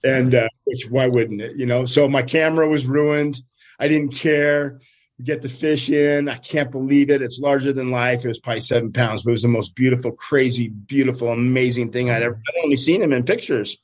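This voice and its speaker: An older man, a fishing guide, telling a story with lively energy and acting out what people said. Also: fairly quick. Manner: lively, acts out quotes with big pitch jumps, laughs often. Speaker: steelhead fishing guide, guest. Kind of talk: animated storytelling.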